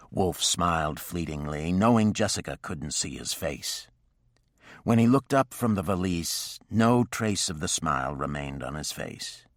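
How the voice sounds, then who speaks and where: A male narrator with a very deep voice reads a historical romance in a measured, even way. The recording is close and dry, with no room sound at all. His steady reading keeps the story moving. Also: dry recording. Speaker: audiobook narrator. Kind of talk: scripted audiobook narration.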